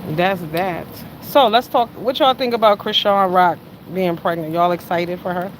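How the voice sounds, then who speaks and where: A woman around fifty hosts a loose livestream chat, talking straight to her viewers. She swings from loud bursts down to quiet asides. There is a faint hiss of noise behind her. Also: normal speed. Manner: chatty, swings from loud exclamations to low mutters. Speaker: livestream host.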